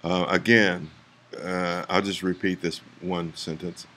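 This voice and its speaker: A man's voice: deep voice, little pitch movement, takes it slowly, pushed and bright. A man in a frustrated, preachy rant to his viewers, firing rhetorical questions and urging them to act. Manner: trails off into mutters, then rises to urgent pleas. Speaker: vlogger.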